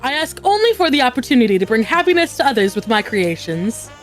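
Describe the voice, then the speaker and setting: A woman's voice: a little high, big pitch swings, soft background music. A woman reading as a humble male artisan. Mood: earnest. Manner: read aloud haltingly, plain without accents.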